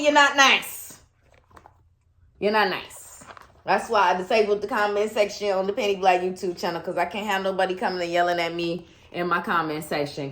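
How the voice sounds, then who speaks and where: Woman, vlogger, sassy, teasing, chatty unboxing talk, mid-pitched voice. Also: fairly bright tone. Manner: sassy, teasing, laughing, addresses viewers as sweetie. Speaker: YouTuber. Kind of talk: casual unboxing vlog chat.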